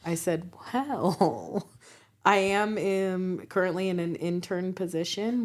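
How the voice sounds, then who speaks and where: A woman in her forties co-hosting a podcast, telling animated stories in casual chat, acting out quotes and laughing often. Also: lowish voice, slow pace. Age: 40s. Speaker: podcast co-host.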